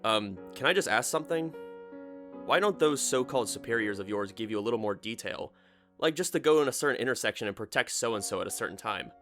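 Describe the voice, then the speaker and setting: A wry teenage schoolboy, voiced by a man with a dry, deadpan delivery and a mid-range voice. His sarcasm stays understated throughout this storybook reading, with faint music underneath. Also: medium pitch, quick pace.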